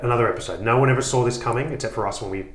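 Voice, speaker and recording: A man's voice: medium pitch, rapid-fire, reverberant. A man co-hosting a comedy podcast, rambling and self-mocking in casual chat. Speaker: podcast co-host.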